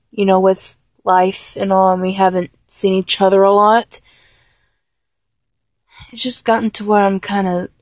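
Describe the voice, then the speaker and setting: A woman in a one-sided audio role-play, talking in a halting, stammering, apologetic way. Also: medium pitch, darkish tone, no room sound. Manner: halting, stammering, with many restarts.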